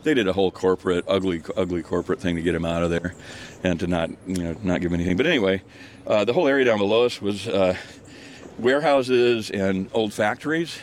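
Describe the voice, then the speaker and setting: A man's voice: low-pitched, fast talker, slight background noise. An older man telling a rambling story while walking outdoors on a hillside, full of fillers and restarts. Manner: rambling, many restarts and fillers, laughs often. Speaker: guest storyteller. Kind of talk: casual storytelling on a walk.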